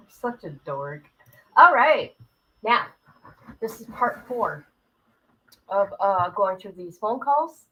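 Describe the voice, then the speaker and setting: A woman's voice: medium pitch, lively intonation, slow, long pauses, fairly bright tone, low-quality recording. A woman hosting a casual commentary stream, giggly and rambling as she chats with her viewers. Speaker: commentary channel host. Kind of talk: casual livestream chat.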